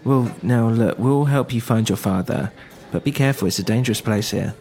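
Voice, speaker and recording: A man voicing a blunt, protective woman who talks in a brisk, matter-of-fact way in a storybook reading. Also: medium pitch, a little mellow, lightly acted.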